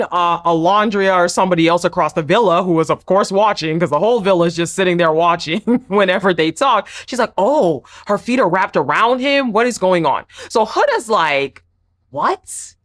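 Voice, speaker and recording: A woman giving a casual, emphatic recap of a reality show episode, acting out the people she quotes. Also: fairly low pitch. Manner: animated, emphatic, acts out quotes. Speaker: recap vlogger.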